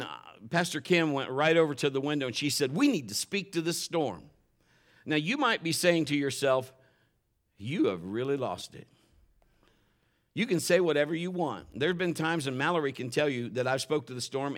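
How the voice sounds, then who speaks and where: A man preaching a sermon, often climbing louder and higher when he drives a point home. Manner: impassioned, rises sharply in pitch and volume when stressing points; admits getting emotional while preaching. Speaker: pastor.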